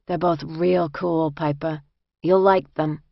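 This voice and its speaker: A woman's voice: low-pitched, fairly even intonation, slow, gravelly, no echo, highs cut off, exaggerated voice. A woman reading the part of an eager, chummy woman prison inmate.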